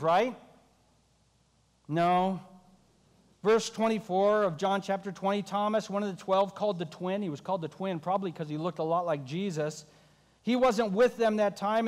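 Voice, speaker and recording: A man's voice: sits high, moderate pace, big-room sound. A man preaching a sermon as a pastor, telling the story with wry asides.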